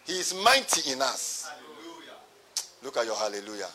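A man's voice: mid-range voice, big pitch swings, fast talker, pushed and bright. A pastor preaching a sermon to his congregation, repeating his phrases and calling for responses.

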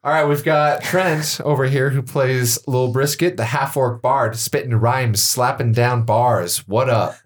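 A man's voice: medium pitch, unhurried, hardly any pauses. A man narrating as game master of a tabletop game podcast, telling the story loosely with laughs and fillers, recorded in a studio.

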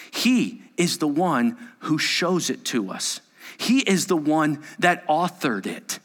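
A man in his forties preaching a sermon as a pastor, animated and quick to act out the people he describes. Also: on the high side. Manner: animated, acting out quoted people in quick impressions.

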